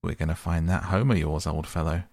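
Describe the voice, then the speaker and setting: A man's voice: low-pitched, a little slow, creaky, a little mellow, no echo, exaggerated voice. A man voicing a hearty, kindly male water rat who talks with cheerful command.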